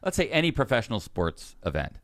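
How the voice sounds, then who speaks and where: A man's voice: mid-range voice, wildly swooping pitch, fast talker, fairly bright tone, dry recording. A man co-hosting a political podcast in casual chat, curious and full of questions. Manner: curious, asks many questions. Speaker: podcast co-host.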